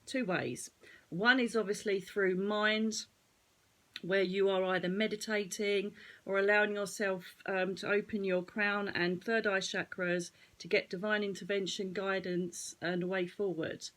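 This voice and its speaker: A woman with an Essex accent, a psychic medium hosting her own channel, giving chatty spiritual advice straight to her viewers with a slightly croaky voice. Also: medium pitch, steady tone, unhurried, a bit bright. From Essex, England. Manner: chatty, digressing, addresses viewers directly. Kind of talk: casual spiritual advice talk to camera.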